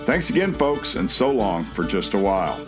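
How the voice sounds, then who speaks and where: A man's voice: fairly low pitch, big pitch swings, normal speed. American guy host, congested nasal voice, laid back, music playing behind. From United States. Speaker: podcast host. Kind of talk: casual chat.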